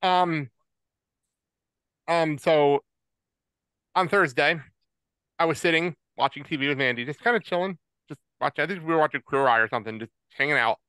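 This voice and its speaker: Tearful man in his forties, bright voice. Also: a little high, clean tone, no echo. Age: 40s. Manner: halting, emotional, many fillers and restarts. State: tearful, choked up. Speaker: podcast co-host. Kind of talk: casual podcast chat.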